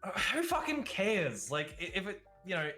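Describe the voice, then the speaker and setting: A man's voice: sits high, wildly swooping pitch, normal speed, pushed and bright, faint music behind. An Australian man chatting as a guest on a podcast, blunt and casual, swearing now and then and laughing between points.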